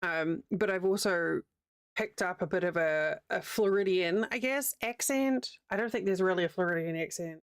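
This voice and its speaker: A woman's voice: fairly low pitch, moderate pace, clean tone, dry recording, studio quality. A woman in her thirties with a New Zealand accent, chatting casually and rambling while crocheting on a livestream, laughing easily. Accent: New Zealand, with a slight American Southern tinge.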